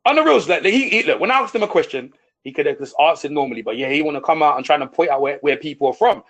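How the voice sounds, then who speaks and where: A man on an online boxing panel, insistent and slangy, pressing his point and laughing loudly. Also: on the high side, animated, racing. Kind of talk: heated livestream debate.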